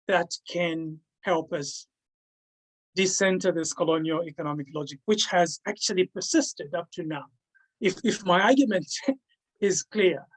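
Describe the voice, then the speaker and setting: Over poor audio, a man with a high-sitting voice discusses his own book in an academic video-call talk. His delivery is halting, with words repeated each time he starts a sentence over.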